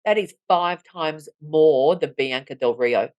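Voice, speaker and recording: A woman's voice: sits low, takes it slowly, dry recording, muffled recording. A woman co-hosting a podcast, telling stories in a casual chat and mimicking people as she goes. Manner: animated storytelling with mimicry. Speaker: podcast co-host.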